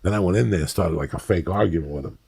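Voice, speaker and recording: A middle-aged man hosts a talk podcast and tells a story with plenty of swearing. His voice is very low and gravelly, with a rough, husky edge. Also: racing. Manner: profane, animated storyteller acting out other people's voices. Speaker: podcast host. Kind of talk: storytelling in casual chat.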